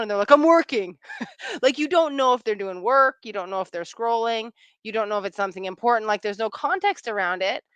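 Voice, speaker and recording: A woman in her thirties, a relationship coach, answering interview questions in a chatty, animated way and acting out quoted lines. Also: a little high, smooth, no echo.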